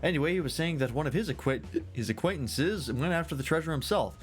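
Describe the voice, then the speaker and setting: A man's voice: a little high, animated, fast, slight background noise, pitched above the performer's own voice, close to an everyday voice. A man reading game dialogue aloud in character, voicing a jovial, long-winded male scholar fond of drink, in a grandiloquent, theatrical storytelling manner. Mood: conspiratorial.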